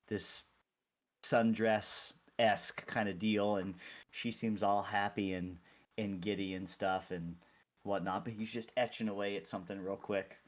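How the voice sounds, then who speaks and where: A man narrating as game master, describing scenes loosely with many fillers. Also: lowish voice. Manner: rambling, filler-heavy description.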